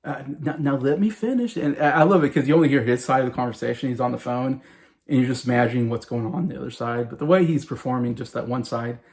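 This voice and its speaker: A man's voice: mid-range voice, steady tone, fast talker, a little mellow. A man in his forties giving a casual, enthusiastic film review in a rambling monologue full of fillers. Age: 40s. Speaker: movie review vlogger.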